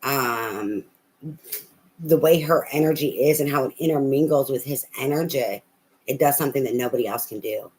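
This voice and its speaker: A tarot reader talking through a love reading in a loose, casual way, blunt and full of swearing. The voice sits at an ordinary middle pitch. A faint ambient hum stays underneath. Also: moderate pace, low-quality recording. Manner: blunt, profane, animated.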